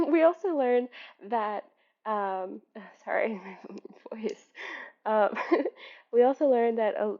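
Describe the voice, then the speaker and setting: A woman with a fairly high voice rants through a book critique, animated and exasperated, laughing and swearing along the way. The audio is a bit dull and lo-fi. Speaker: book reviewer. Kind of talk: casual spoken book critique.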